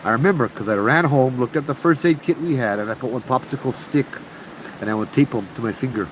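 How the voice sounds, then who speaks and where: Outdoors at camp, a man from Hawaii tells ghost stories to a group in a chatty, slangy Hawaiian Pidgin accent. He talks fast at a medium pitch, and the rough recording has a steady background hum.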